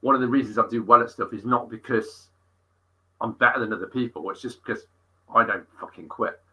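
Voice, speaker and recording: A middle-aged fitness coach tells gym stories in an animated, sweary podcast chat. His voice is forceful and tense, with a husky edge. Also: medium pitch, fairly quick, low-quality recording. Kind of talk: casual interview storytelling.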